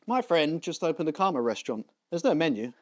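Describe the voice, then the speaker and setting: A man's voice: fairly high pitch, sing-song, quick pace, a little mellow, no room sound, clean studio sound. A man hosting a comedy tech news show, delivering sarcastic, self-deprecating jokes. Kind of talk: comic tech news monologue.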